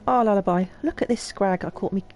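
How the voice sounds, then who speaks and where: A woman voicing a gruff, rough-spoken male foreman in a put-on Cockney accent, blunt and full of coarse slang. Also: mid-range voice, a little fast, a little mellow, faint music behind, natural voice.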